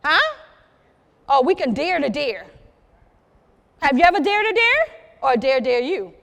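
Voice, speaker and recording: An unhurried, high-pitched woman from South Carolina performs live storytelling for an audience in a museum program room. With lively energy she teases the listeners and talks right to them, and the sound has a big-room feel.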